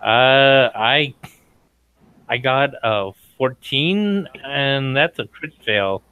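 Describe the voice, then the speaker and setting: A man with a smooth, clear voice, playing a tabletop game. He talks slowly and methodically through his turn. The sound is dry and close. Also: mid-range voice, expressive, dry recording, phone-quality sound. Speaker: player.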